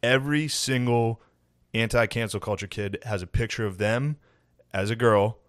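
A man's voice: mid-range voice, normal speed, no room sound. Man riffing on a dry podcast mic. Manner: joking, riffing, slips into put-on voices. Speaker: podcast co-host. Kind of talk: casual comedic chat.

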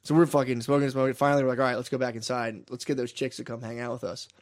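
Young man, quick profane storyteller, laughs a lot, mid pitch. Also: little pitch movement. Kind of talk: casual chat.

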